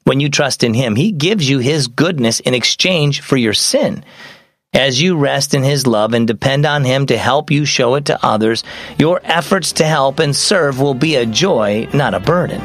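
A young adult man hosting a children's devotional show, reading a scripted story with animated storytelling. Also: medium pitch, moderate pace, dry recording, studio quality.

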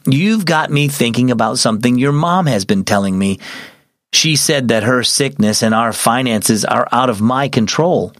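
A weary, gentle father, played by a male narrator, speaking calmly and reassuringly. The delivery moves with lively shifts of pitch. It is recorded close and dry, with no room sound. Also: no room sound. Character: tired, gentle father, middle-aged.

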